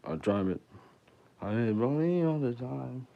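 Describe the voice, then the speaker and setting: A man's voice: medium pitch, animated, measured pace, vocal fry, lo-fi sound. A young man, a musician talking to his viewers in a rambling, crude and joking livestream chat. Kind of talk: casual livestream banter.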